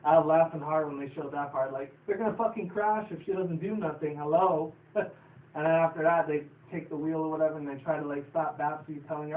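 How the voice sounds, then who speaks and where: A man's voice: a little high, steady tone, a little fast. A man casually recapping a cartoon episode, rambling, swearing and laughing often. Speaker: show reviewer. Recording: tinny distant phone-like audio in an echoey room.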